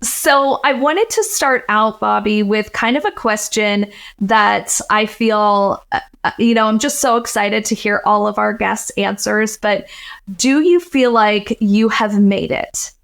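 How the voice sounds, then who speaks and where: A woman's voice: medium pitch, measured pace, vocal fry. Effusive woman podcast host. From Pittsburgh, Western Pennsylvania. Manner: warm, effusive, encouraging. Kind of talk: casual podcast interview.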